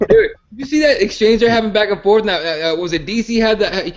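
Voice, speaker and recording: High-voiced man rambling on a podcast. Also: quick pace, dull audio. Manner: rambling, profane, stumbles over restarts. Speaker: podcast host. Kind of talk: casual MMA chat.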